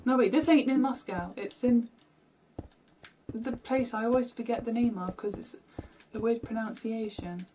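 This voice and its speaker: A woman's voice: fairly high pitch, normal speed, lo-fi sound, a little hiss or hum. A young British woman chatting casually and rambling while she plays a game, laughing at herself, recorded at home. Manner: rambling, chatty, self-deprecating. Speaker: gaming streamer.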